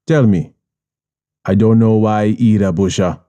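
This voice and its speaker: A man's voice: on the low side, fairly even intonation, a little slow, pauses often, warm tone, highs cut off. A man with a Jamaican accent narrating an audiobook in first person, hard, streetwise and profane.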